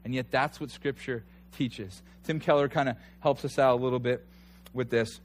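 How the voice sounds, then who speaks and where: A man in his thirties preaching a conversational sermon, telling stories with animated energy and rising to near shouts at times. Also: mid-range voice, moderate pace. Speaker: pastor.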